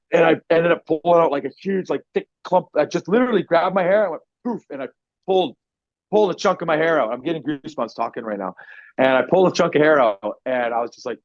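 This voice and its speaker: A man telling a personal story on a podcast, animated and swearing often, acting out what people said. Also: a little high, no room sound. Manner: animated, swears a lot, acts out quotes loudly. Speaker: podcast guest. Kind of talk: casual storytelling. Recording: dry, dull lo-fi podcast audio.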